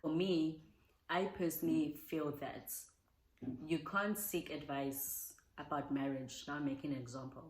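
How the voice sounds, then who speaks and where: A woman's voice: sits low, steady tone, measured pace, roomy sound, poor audio. A young South African woman chatting heartfelt and casual as she answers viewer questions, slipping in Zulu words. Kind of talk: casual Q&A chat.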